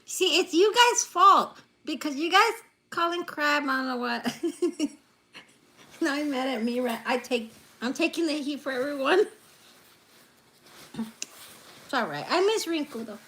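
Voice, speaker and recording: Woman livestream host with a high voice, playful and teasing with viewers, laughing often, phone on a table. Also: animated, unhurried, pauses often, bright, forceful tone. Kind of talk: casual livestream chat with viewers. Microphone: phone lying on a table.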